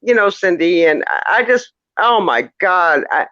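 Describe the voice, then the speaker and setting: A man's voice: high voice, very animated, measured pace, bright, forceful tone, no echo. A man calling in to a casual chat show, rambling and flustered, stammering over restarts and swearing often. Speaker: caller. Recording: dull lo-fi call audio.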